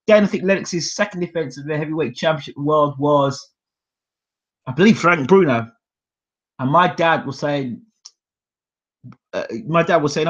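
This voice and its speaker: A man's voice: on the high side, normal speed, long pauses. A man in his forties hosting a boxing channel, telling casual stories and acting out his dad's voice in the quoted lines. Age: 40s. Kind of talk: casual storytelling monologue. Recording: dull lo-fi sound.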